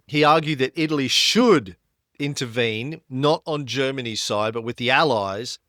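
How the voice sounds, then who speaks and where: Guy co-hosting a history podcast, storyteller vibe, gets louder and higher on the big points, dry close mic. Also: no room sound. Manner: lively storytelling, rises in pitch when emphatic. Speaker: podcast co-host.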